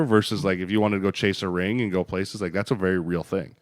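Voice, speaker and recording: Blunt, deep-voiced man talking football. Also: fairly even intonation, fast talker, hardly any pauses, no room sound, studio quality. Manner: blunt, profane, emphatic. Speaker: podcast co-host, former offensive lineman. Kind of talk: casual sports chat.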